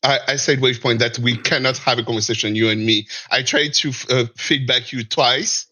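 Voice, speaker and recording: A man with a French Canadian accent keeps pressing his question in a live debate. His voice is bright and forceful at a middle pitch, and he stops often with "uh" and restarts. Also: steady tone. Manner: insistent, repeats his question, halting.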